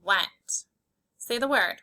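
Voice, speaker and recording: Slow, bright-voiced woman teaching phonics. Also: a little high. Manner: slow, clear, encouraging; sounds out letters one by one. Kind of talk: phonics reading lesson for young children.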